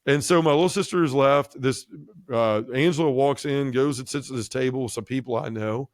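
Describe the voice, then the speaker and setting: Male podcast guest, middle-pitched voice, lively storyteller who mimics other people, dry close recording. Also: brisk, dry recording. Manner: animated, acts out quoted dialogue with jumps in pitch; self-mocking humor, many fillers like "you know" and "like". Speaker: podcast guest sharing his testimony. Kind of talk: casual storytelling.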